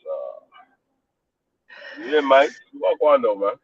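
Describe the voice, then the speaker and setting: A man's voice: medium pitch, slow, slightly rough, no echo. A man, joining a live chat as a caller and rambling about his work day with lots of slang and swearing. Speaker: guest caller. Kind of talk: casual chat. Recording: dull lo-fi call audio.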